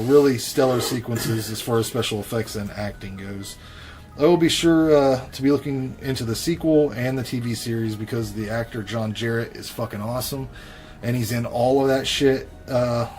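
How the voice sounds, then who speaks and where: A man co-hosting a horror podcast in loose, casual chat. He talks bluntly and swears freely, with a laid-back, unhurried manner and plenty of fillers. His pitch sits in a middle range for a man. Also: a little mellow. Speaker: podcast co-host reviewing horror films.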